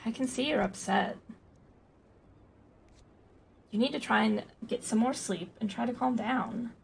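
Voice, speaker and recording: Calm, coaxing schemer on a ship, read by a woman, deep vocal fry. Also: moderate pace, a little hiss or hum.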